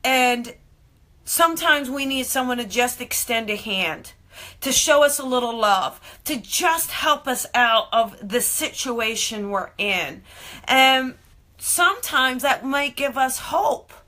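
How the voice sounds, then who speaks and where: A woman who hosts a live-streamed show as a medium tells stories in a lively, chatty way and acts out the people in them. Her voice is bright and sits a little high, and she talks close to the mic. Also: slow. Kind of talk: live-streamed casual storytelling.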